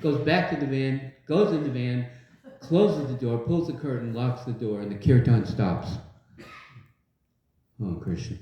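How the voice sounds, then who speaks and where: In a mid-range voice and an unhurried pace, an older devotional speaker addresses a live crowd in a big hall. He tells funny stories with lively energy and leads call-and-response, captured in a very echoey, dull recording.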